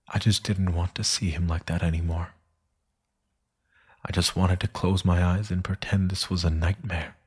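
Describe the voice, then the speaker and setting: A man narrating a dark thriller story in a solemn, hushed manner that often sinks to a whisper. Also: sits low, flat delivery, normal speed, slightly rough.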